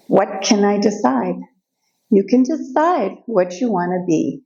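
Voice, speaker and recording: An older woman speaking as a guest speaker, telling personal stories in a lively way and acting out the voices of the people in them. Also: medium pitch, a little slow, gravelly, dull audio. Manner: lively storytelling, acts out quoted voices. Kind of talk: personal storytelling talk. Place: event room.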